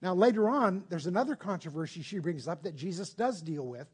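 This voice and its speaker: A man's voice: high-pitched, lively intonation, a little fast, darkish tone, husky. A man preaching a conversational sermon, explaining patiently and putting rhetorical questions to his listeners.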